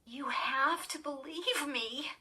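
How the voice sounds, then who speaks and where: A woman's voice: high voice, unhurried, sharp tone, pitched above the performer's own voice. A woman voicing a frightened, tearful twelve-year-old girl in a storybook reading, her speech trembling and pleading.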